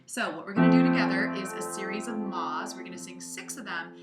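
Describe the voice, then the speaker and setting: A woman voice coach leading a guided vocal warm-up lesson, cueing and counting the singer through each exercise in an encouraging way. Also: medium pitch, fairly even intonation, a little fast. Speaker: voice and audition coach. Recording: roomy sound with piano behind. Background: piano accompaniment.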